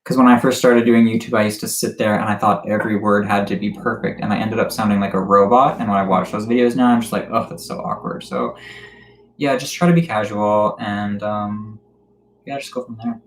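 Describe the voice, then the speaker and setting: A man's voice: fairly low pitch, fairly even intonation, fairly quick, reverberant, a little hiss or hum, poor audio. A young man from Canada hosting a casual livestream Q&A, talking in a chatty way with lots of fillers and frequent laughs.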